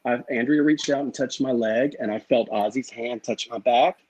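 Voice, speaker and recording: A man's voice: medium pitch, moderate pace, darkish tone, slightly rough, poor audio. A middle-aged man guest candidly recounting an emotional story in an interview, swearing freely and acting out the exchanges. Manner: candid, profane, acts out quoted exchanges.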